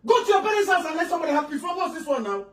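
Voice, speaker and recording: A woman playing a loud, scolding in-law. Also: very high voice, very animated, very fast. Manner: shouting, stammering repeats, scolding. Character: loud, exasperated female relative scolding quarrelling wives. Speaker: in-law scolding two wives. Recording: roomy room, voice from a distance.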